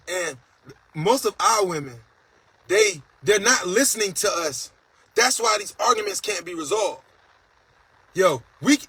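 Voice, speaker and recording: A man's voice: high-pitched, creaky, bright, forceful tone, slightly rough, poor audio. A man hosting a casual livestream monologue, talking in a blunt, profane and preachy way, reading out viewer comments. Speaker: host.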